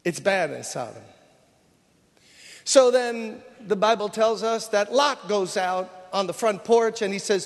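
A man's voice: high-pitched, lively intonation, unhurried. A man preaching a sermon in a large church hall, telling the story conversationally and acting out the dialogue.

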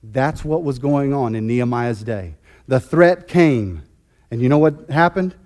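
A man's voice: medium pitch, lively intonation, measured pace, a little mellow. A man preaching a sermon as pastor, fervent and emphatic, often repeating and restarting his phrases.

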